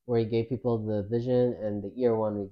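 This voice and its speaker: A man co-hosting a casual podcast chat, relaxed and thoughtful, gently pushing back on points. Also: fairly low pitch, a little fast, lo-fi sound.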